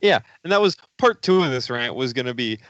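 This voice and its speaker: A man co-hosting a podcast, telling stories lively and profanely in casual chat. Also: medium pitch, fairly quick, dry recording. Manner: lively storytelling with quoted voices. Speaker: podcast co-host. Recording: dry, dull lo-fi podcast audio.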